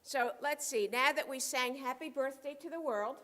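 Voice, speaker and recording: A woman leading a holiday service in a casual, excitable and exclamatory way. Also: sits high, normal speed. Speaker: service leader.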